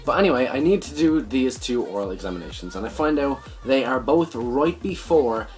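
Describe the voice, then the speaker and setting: Young Irish male host, mid-pitched, loose rambling delivery with casual swearing, faint music underneath. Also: expressive, normal speed, a little mellow. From Ireland. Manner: rambling, peppered with "sort of", swears freely. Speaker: gaming channel host. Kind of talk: casual vlog chat.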